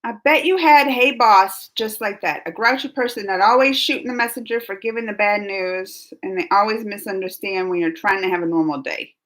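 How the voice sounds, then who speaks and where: A woman's voice: mid-range voice, brisk, few pauses, fairly bright tone. A woman hosting a casual live reaction stream, reading viewer comments aloud in a chatty way and laughing often. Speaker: reaction channel host.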